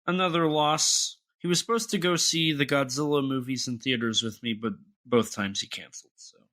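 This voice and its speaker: A man's voice: medium pitch, moderate pace, bright, forceful tone. A young man co-hosting a podcast, talking in a casual, rambling way with many restarts and fillers. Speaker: podcast co-host.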